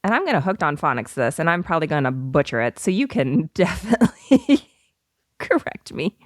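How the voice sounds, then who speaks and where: A woman in her thirties co-hosting a casual podcast, bubbly and prone to giggling as she rambles. Her voice sits a little low but leaps all over in pitch. The sound is close and dry, with no room in it. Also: big pitch swings, brisk, no echo. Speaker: podcast co-host. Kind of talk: casual chat.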